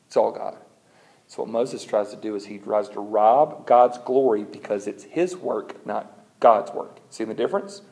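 A man preaching a sermon, telling a scripture story with humor and animated delivery and reading verses aloud. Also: on the low side, normal speed, vocal fry. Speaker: pastor.

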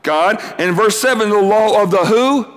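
A man giving a youth camp sermon, energetic and quick, acting out quotes and calling on the crowd to answer back. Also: high-pitched. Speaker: camp speaker. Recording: long hall reverb.

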